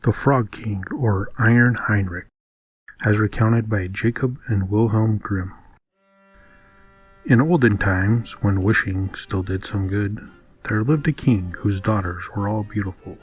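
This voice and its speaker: A man reading a fairy tale aloud in calm, measured scripted narration. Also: fairly low pitch, low-quality recording. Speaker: audiobook reader.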